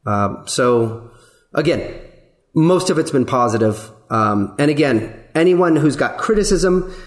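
A man with an ordinary mid-range voice speaks earnestly on a podcast, choosing his words slowly. He fills pauses with ums and repeats words as he goes. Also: mid-range voice, expressive. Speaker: executive producer of the podcast. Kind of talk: casual podcast discussion.

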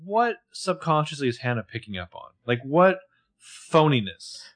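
Man with a lively, expressive voice. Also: on the high side, moderate pace. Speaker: podcast co-host. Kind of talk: casual chat.

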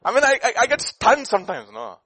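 A man preaching a sermon, swinging between loud bursts and hushed asides. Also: extremely high pitch, huge pitch swings, fast, breathy edge, no room sound.

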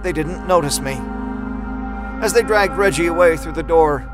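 A man narrating a horror story in a measured, dramatic storytelling manner. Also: a little high, poor audio. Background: music score.

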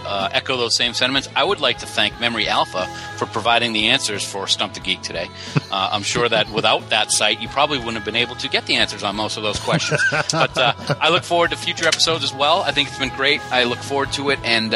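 A man's voice: medium pitch, fairly quick, over music. A man co-hosting a podcast, playful and teasing, laughing easily in casual chat. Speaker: podcast co-host.

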